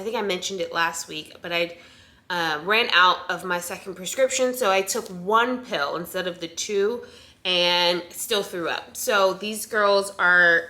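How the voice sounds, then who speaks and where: A young woman talks casually straight to her camera, filling pauses with ums and restarting sentences as she goes. Her voice is bright and forward, with a slightly breathless edge. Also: medium pitch. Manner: chatty, with frequent ums and restarts. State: a little out of breath. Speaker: vlogger sharing pregnancy updates.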